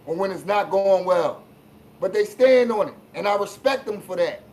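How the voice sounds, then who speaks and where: Blunt, profane sports-rant host. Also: male voice, animated, moderate pace, slight background noise, poor audio. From Philadelphia. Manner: blunt, profane, swings between low asides and shouted emphasis. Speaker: sports talk show host. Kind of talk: live-stream sports rant.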